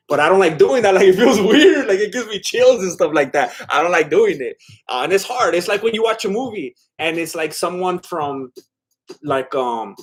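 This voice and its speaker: A man's voice: high voice, lively intonation, moderate pace, slightly rough. A man streaming live, reading chat and rambling casually with lots of fillers and laughs. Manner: rambling, filler-heavy, self-deprecating laughs.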